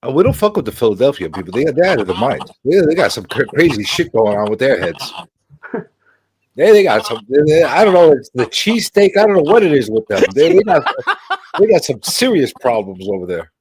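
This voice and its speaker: A man with a thick New York accent telling stories in a casual chat. His pitch swings widely as he talks, and he is blunt and salty, stumbling over repeated words before he lands the punchline. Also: big pitch swings, brisk, a crowd in the background, rough recording. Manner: blunt, profane storyteller, stammers and repeats words. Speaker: guest on a livestream.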